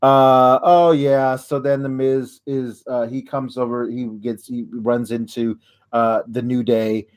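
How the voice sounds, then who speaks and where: A man's voice: medium pitch, little pitch movement, clear, resonant tone. A man hosting a comedic wrestling recap, ranting in a rambling, sarcastic way. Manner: rambling, sarcastic, halting with fillers. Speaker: host of a wrestling recap show.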